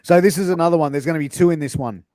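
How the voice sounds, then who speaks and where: A man's voice: on the high side, very fast, mellow, no echo. A man with an Australian accent hosting a casual interview over a video call, laid-back and full of slang, laughing easily. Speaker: podcast host.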